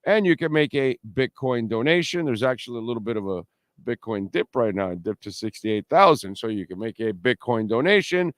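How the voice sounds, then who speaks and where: On a casual postgame livestream, a brash middle-aged sports talk host trash-talks and reads out sponsor plugs and super chats. His mid-range voice is smooth, resonant, and expressive, moving fairly quickly, recorded close and dry with no room sound at all.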